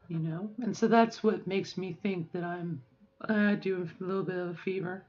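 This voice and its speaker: A middle-aged woman recording a personal video diary at home. She speaks in a reflective, halting way with many fillers and restarts, and her voice sounds strained and sore. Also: on the low side, fairly even intonation, muffled recording. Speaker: vlogger.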